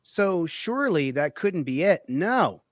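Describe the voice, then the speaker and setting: A man's voice: a little high, sing-song, measured pace, dry recording, studio quality. A man giving an indignant, ranting monologue about his own experience.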